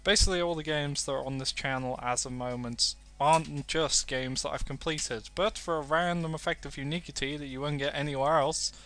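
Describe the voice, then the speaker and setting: A young British man narrating his game playthrough with playful, self-mocking asides. His voice sits a bit high and sounds bright and forceful. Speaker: let's play host. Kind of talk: game commentary.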